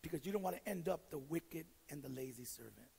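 A male pastor delivers a sermon in a rough, husky voice with a gravelly grain. He is blunt and funny, often restarting his words as he tells stories from his own life. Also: on the high side, animated, fast talker, dark tone, in a large hall, poor audio. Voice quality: raspy, gravelly. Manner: direct, joking, self-deprecating. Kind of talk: sermon with storytelling.

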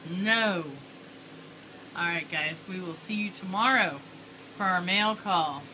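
A woman's voice: fairly low pitch, slow pace, long pauses. A woman vlogging with her young son, talking to him in a playful, sing-song way. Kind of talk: casual home video chat. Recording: noisy home video recording.

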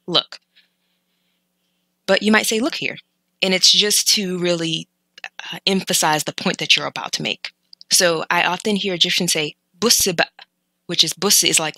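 Woman, lowish pitch, bright tone, dry close mic, hesitant casual explainer. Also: moderate pace, vocal fry, pauses often, no echo, low-quality recording. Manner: thinking aloud, hesitant, self-correcting. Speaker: language learner teaching vocabulary.

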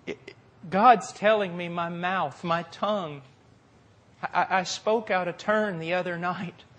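A man preaching a sermon with passion, moving from quiet, deliberate phrases to forceful peaks. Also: sits high. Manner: impassioned, swings from quiet to forceful.

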